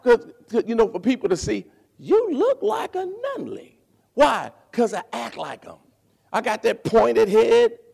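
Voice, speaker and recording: A male pastor preaching a sermon, animated, repeating words and calling for responses from the congregation. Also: sits high, creaky.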